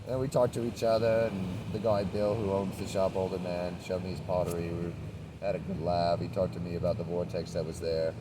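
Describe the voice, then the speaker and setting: A man's voice: sits low, little pitch movement, a little fast, noisy background. A man rambling in a laid-back spiritual monologue while traveling, swearing now and then. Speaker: traveling vlogger. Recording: outdoor street recording from a distance.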